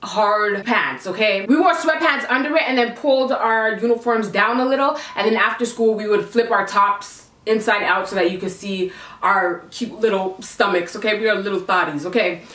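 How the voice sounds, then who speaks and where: A young woman from the Toronto area, telling a slangy, animated storytime vlog. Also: mid-range voice, normal speed, distant mic. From Toronto area, Canada. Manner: chatty, slangy, animated retelling. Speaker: vlogger. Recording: echoey room, mic set back.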